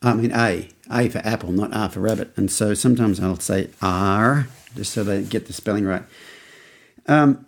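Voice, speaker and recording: A man's voice: on the low side, normal speed. An Australian man in his fifties, hosting a podcast and telling a rambling story in a casual way. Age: 50s. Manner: rambling, with many restarts and acted-out quotes. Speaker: podcast host.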